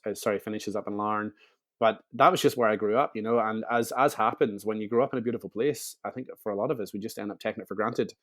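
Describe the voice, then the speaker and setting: A man, telling stories as a guest in a casual interview, chatty and full of restarts. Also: lowish voice. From Northern Ireland. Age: 30s.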